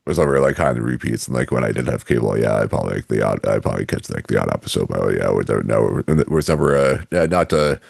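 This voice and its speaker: A man co-hosting a podcast, chatting casually in a rambling, halting way with lots of restarts and swearing. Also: very deep voice, animated, vocal fry, breathy edge, no echo, studio quality. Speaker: podcast co-host. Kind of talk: casual chat.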